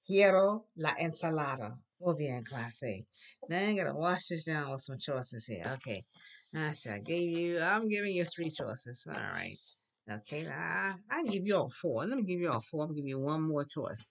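Classroom teacher, patient drill voice, models words loudly for repetition. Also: medium pitch, big pitch swings, normal speed, creaky. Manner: patient, coaxing prompts. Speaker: Spanish teacher.

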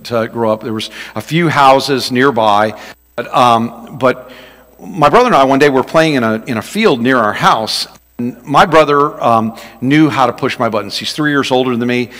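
A man preaching a sermon as pastor, telling a story in an animated way and acting out shouts in a raised voice. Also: moderate pace, long reverb tail. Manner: animated, acts out shouts and quotes in a high voice.

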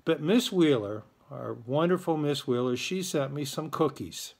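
A man's voice: fairly high pitch, moderate pace, creaky, a little mellow. A man hosting a school morning show, giving casual announcements in a chatty, joking way. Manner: chatty, playful, joking with listeners.

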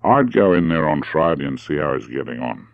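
Give me a friendly, teasing outback man voiced by a narrator, low and lively. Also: brisk, vocal fry, no room sound, dull audio, exaggerated voice. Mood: firm.

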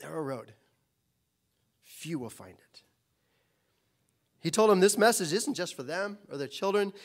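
A man's voice: high-pitched, animated, unhurried. A man preaching a sermon as pastor, impassioned and full of rhetorical questions.

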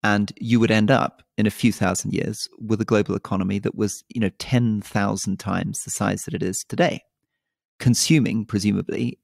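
Male podcast co-host, measured explainer, gravelly, dry studio sound. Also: fairly low pitch, darkish tone, no room sound. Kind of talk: casual political chat.

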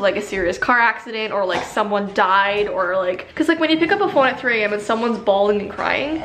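A woman's voice: a little high, expressive, brisk, hardly any pauses, echoey room, background noise. Chatty young woman telling a story. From Canada. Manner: chatty, lots of "like" fillers. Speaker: vlogger. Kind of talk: casual story-time vlog.

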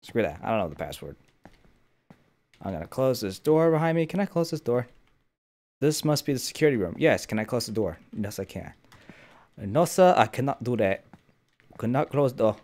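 A man's voice: mid-range voice, animated, brisk, darkish tone. A young man hosting a gaming channel, wearing headphones and talking to himself with jokey running commentary as he plays. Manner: jokey running self-talk. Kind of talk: gameplay commentary. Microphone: headphones with mic.

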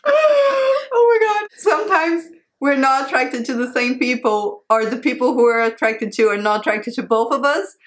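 Shy, hesitant young woman, slightly high voice. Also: normal speed, hardly any pauses, fairly bright tone. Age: 20s. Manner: hesitant, searching for words, shy giggles. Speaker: co-host. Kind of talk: casual couple chat.

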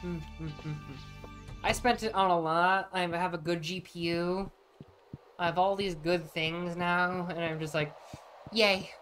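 A woman streaming a farming game and chatting casually, playful and quick to swear, often talking to the game's characters. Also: on the low side, steady tone, fairly bright tone, faint music behind. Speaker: vtuber streamer. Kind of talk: casual chat while playing a farming game.

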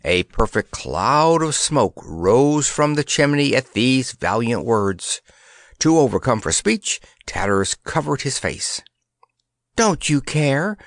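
An audiobook narrator with a medium-pitched voice reads a children's storybook aloud from a script, expressive yet measured. The studio sound is clean, with no room sound.

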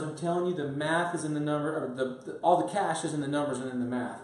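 A middle-aged man coaching business owners at a training seminar, blunt and energetic, pressing his points hard. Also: on the high side, fast, hardly any pauses. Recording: echoey room from far off, faint noise.

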